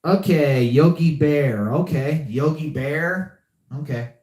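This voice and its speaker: A man's voice: on the high side, expressive, measured pace, reverberant. A young man hosting a live podcast, chatting casually and often repeating himself. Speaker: podcast host. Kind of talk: casual live-stream chat.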